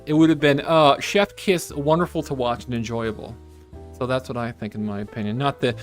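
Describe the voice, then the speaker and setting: A man's voice: a little high, fairly bright tone. A man streaming casually while he draws, chatting in a playful, rambling way and slipping into silly voices.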